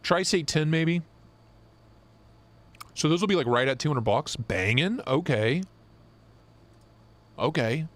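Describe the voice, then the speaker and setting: A young man co-hosting a live stream, chatting casually and swearing as he jokes and gets excited. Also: a little high, slow, long pauses. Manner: excited, profane, joking. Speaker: knife show co-host.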